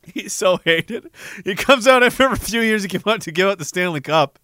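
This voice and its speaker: A male streamer reads chat aloud with crude, sarcastic banter. His voice is high and lively, with a dry, close sound and faint music behind. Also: quick pace, dry recording. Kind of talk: casual chat.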